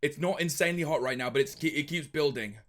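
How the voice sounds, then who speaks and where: A man live-streaming a hot sauce tasting, giving an animated running commentary and complaining about the heat. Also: a little high, fast. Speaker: livestreamer.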